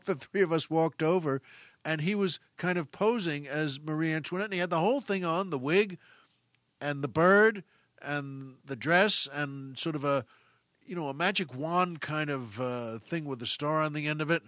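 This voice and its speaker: A man's voice: fairly high pitch, normal speed, a bit bright, dry recording, studio quality. Chuckling man telling a rambling story. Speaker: podcast host. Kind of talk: casual storytelling monologue.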